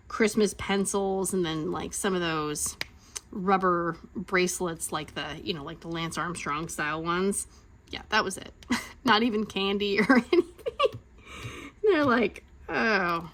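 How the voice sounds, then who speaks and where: A woman in her thirties hosting a crafting channel, telling a rambling story in a chatty rant and acting out quotes in sudden high voices. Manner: rambling and animated, acting out quotes with big pitch jumps.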